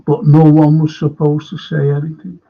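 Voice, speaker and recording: An older man with a Liverpool accent hosts a live fan stream, reading out comments and wandering through anecdotes. His voice is gravelly and husky. The sound is dull and lo-fi. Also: a little high, completely flat delivery, moderate pace. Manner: rambling anecdotes with repeated restarts. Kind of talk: casual chat reading viewer comments.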